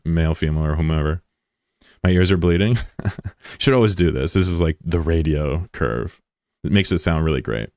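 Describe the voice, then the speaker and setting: A man's voice: deep voice, clean tone, dry recording, clean studio sound. A man streaming live, chatting casually with viewers in a rambling, self-deprecating way. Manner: rambling and self-deprecating, reads chat aloud. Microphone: broadcast mic with voice filter.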